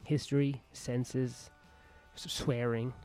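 A stand-up comedian, rambling crudely and jokingly in a casual vlog, recorded outdoors on a patio. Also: male voice, mid-range voice, level tone, takes it slowly, warm tone, faint music behind.

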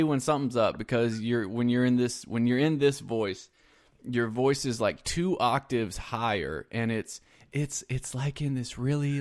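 A man's voice: medium pitch, dry recording, clean studio sound. A man hosting a podcast in casual chat, telling stories animatedly and laughing between phrases. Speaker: podcast host.

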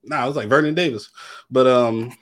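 A man's voice: mid-range voice, brisk. A young man co-hosting a podcast, telling a long story in casual chat, acting out quotes with heavy slang and lots of fillers. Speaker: podcast co-host.

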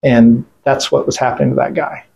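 Brisk and mellow with a steady tone and some vocal fry, this medium-pitched man is heard on a muffled recording. He's a veteran guest on an interview, retelling events casually by quoting what others said, cursing bluntly, and wandering through restarts and fillers.

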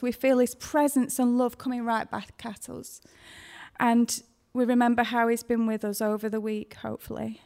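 Woman, tender devotional speaker, unhurried delivery, slightly high voice. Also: creaky. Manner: gentle, emotional, slow and tender. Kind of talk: devotional sermon.

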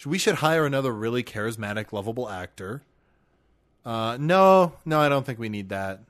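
Man, casual podcast co-host, deadpan delivery, dry humor. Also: mid-range voice, normal speed.

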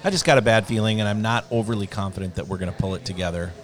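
A man's voice: lowish voice, rapid-fire. A middle-aged man co-hosting a casual chat, joking dryly and sounding gloomy. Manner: dry, joking, gloomy outlook. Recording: lively crowd noise behind.

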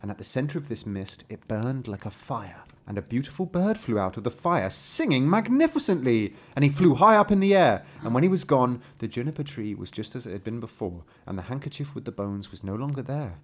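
A man reading a fairy tale aloud with a wry, animated manner, breaking off to joke. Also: mid-range voice, a little fast, hardly any pauses. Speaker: storyteller.

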